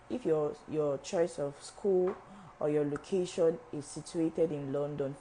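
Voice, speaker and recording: A young woman talks viewers through visa updates on a live stream, her voice low and mellow. She restarts and repeats phrases as she goes, and a faint hiss sits under the recording. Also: poor audio. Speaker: visa officer at a travel agency. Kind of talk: live-stream information session.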